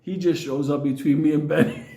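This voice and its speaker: A man's voice: a little high, normal speed, mellow. A man telling a wild story, swearing constantly and laughing through his lines. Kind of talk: profane comic storytelling. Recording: echoey room.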